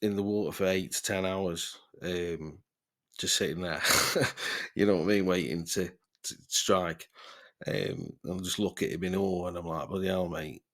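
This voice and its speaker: A man's voice: deep voice, animated, unhurried. A man telling a rambling, sweary story in casual podcast chat, often breaking into laughter. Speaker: podcast host.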